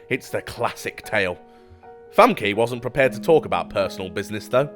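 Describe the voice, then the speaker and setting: A man's voice: lowish voice, animated, moderate pace, a bit bright. A man narrating a scambaiting story in a dry, sardonic, scripted comedic style over faint music.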